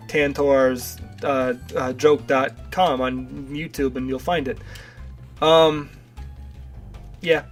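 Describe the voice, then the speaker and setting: A young man casually rambling and stammering through self-deprecating commentary while playing a video game. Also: fairly high pitch. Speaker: gaming video host.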